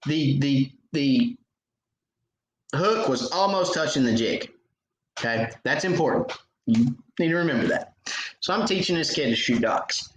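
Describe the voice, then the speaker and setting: A man's voice: medium pitch, lively intonation, measured pace, pauses often, echoey room, rough recording. A man hosting a fishing show, telling stories and answering viewer questions in a casual live chat, laughing at his own stories. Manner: chatty storyteller, laughs at own stories, many restarts.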